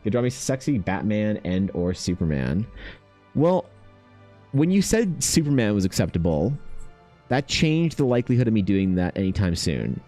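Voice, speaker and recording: A man's voice: lowish voice, very animated, moderate pace, warm tone, faint music behind. A man streaming while he draws, chatting in a rambling, profane, self-mocking way. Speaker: art streamer. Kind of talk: casual chat while drawing.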